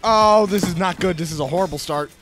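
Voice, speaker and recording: A woman chatting playfully while gaming with friends, laughing and shouting in bursts. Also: on the low side, fast, faint music behind. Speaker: gamer. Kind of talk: casual gaming chat.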